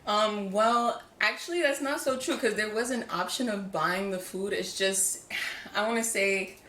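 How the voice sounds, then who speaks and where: A young woman from Jamaica, a caterer, chatting as an interview guest in a relaxed, halting way with many fillers. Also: mid-range voice. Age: young adult. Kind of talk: casual interview chat. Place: home, indoors. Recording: echoey room, faint ambience.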